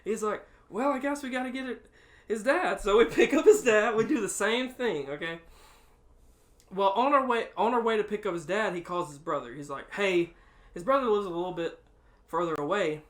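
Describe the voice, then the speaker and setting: A man co-hosting a podcast, telling a story in casual chat, laughing often and acting out quotes loudly. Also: high-pitched, moderate pace. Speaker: podcast co-host.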